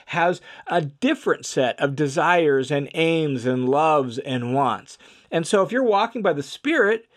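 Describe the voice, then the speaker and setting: A man teaching scripture on a podcast, emphatic and repeating key phrases for stress. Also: on the high side.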